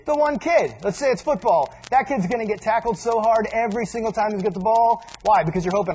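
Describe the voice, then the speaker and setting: A man preaching a sermon in a casual, animated way, acting out little asides as he teaches. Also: high voice, a little fast, few pauses, low-quality recording.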